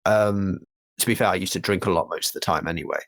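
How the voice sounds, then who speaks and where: A man's voice: deep voice, fairly even intonation, quick pace, dry recording. A young man rambling through casual podcast chat, with many restarts and fillers. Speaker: podcast co-host.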